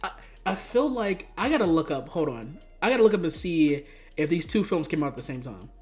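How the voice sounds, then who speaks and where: Young dude ranting about movies, cussing a lot, kinda high voice, gets loud and squeaky when he can't believe it. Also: brisk, soft background music. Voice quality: profane, animated, slangy, jumps to high-pitched outbursts. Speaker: YouTube movie reviewer. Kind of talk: casual rambling review.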